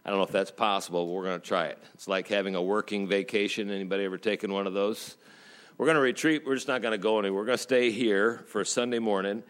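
A man preaching as a pastor in a church, telling jokes in a folksy way and slowing down for emphasis. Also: fairly low pitch, fairly even intonation, fairly bright tone, clean tone. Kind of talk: sermon.

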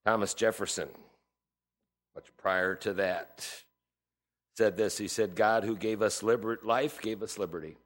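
Preacher guy in his 60s, low-ish voice, earnest and emphatic. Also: fairly even intonation, a little slow. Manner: earnest, emphatic, piling up statistics and quotes. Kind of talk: sermon.

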